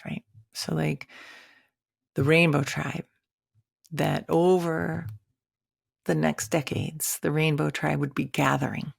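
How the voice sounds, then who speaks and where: A woman, a spiritual teacher, telling a personal story in a casual, animated, dramatic way. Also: deep voice, gravelly, slightly rough, no room sound.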